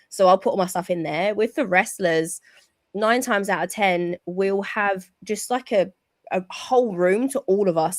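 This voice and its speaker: A British woman, a wrestling backstage interviewer, chatting casually as a podcast guest, quick and full of "like". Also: lowish voice, dry recording. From England. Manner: chatty, quick, says "like" a lot. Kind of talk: casual chat.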